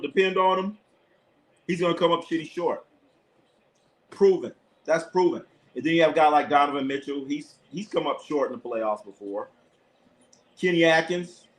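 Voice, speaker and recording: On a low-quality recording, a man with a voice on the high side hosts his channel's live basketball stream. His casual commentary to the chat mixes play-calling with strong, profane opinions, and he often repeats himself.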